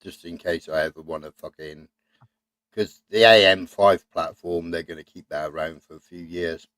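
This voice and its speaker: A man's voice: sits low, fairly even intonation, normal speed, fairly bright tone, no echo. A man hosting a casual live chat, rambling and swearing as he talks.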